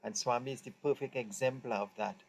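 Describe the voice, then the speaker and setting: A man's voice: mid-range voice, steady tone, fast talker, gravelly, rough recording. A man hosting a devotional interview, formal and earnest in his praise. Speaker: host.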